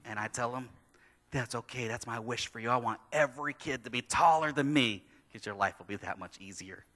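A pastor preaching a sermon, telling a story about his kids and acting out their lines in lively storytelling. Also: mid-range voice, brisk. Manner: animated storytelling, acting out his kids' voices. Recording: long hall reverb.

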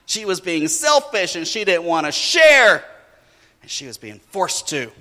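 A bright, slightly high-pitched man preaches a sermon with animated storytelling. He acts out the voices in his story with lively energy. His voice carries a long reverb from a large hall. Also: unhurried. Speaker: pastor.

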